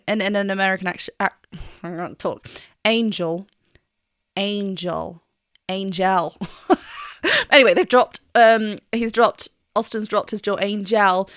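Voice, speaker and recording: A woman's voice: mid-range voice, fairly bright tone, no room sound, studio quality. A woman vocal coach chatting enthusiastically as she reacts to a song and explains singing technique. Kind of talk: casual reaction and vocal analysis.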